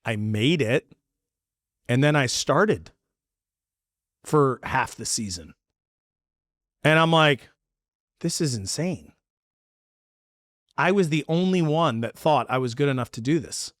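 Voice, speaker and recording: A man hosting a podcast, telling a story in a casual chat and acting out the quotes with lively energy. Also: mid-range voice, measured pace, long pauses, no room sound, studio quality. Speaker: podcast host.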